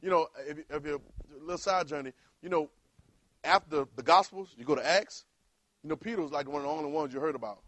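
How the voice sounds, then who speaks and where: Male preacher, somewhat high voice, call-and-response sermon, close dry sound. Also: brisk, no echo. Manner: call-and-response preaching, rising to loud exhortation.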